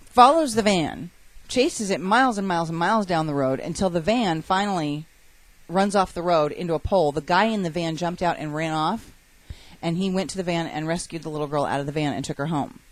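A woman's voice: lowish voice, fairly quick, no echo. Casual woman reading podcast news. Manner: reads stories with self-corrections.

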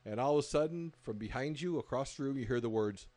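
A man's voice: medium pitch, fast talker, a little mellow, no echo. A man hosting a casual conversation, setting up scenarios and laughing along.

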